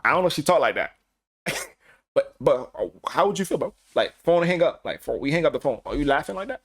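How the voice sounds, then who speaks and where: A man co-hosting a podcast, chatting casually and acting out quotes in animated bursts. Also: fairly high pitch, brisk. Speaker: podcast co-host.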